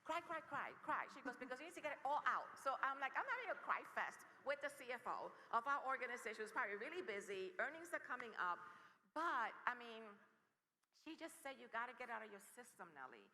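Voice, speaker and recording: A woman from the Bronx telling a personal story on a conference stage, lively and laughing, acting out what others said. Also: fairly high pitch, quick pace. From the Bronx, New York. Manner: lively, laughing, acts out quotes. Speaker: panel speaker. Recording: reverberant hall.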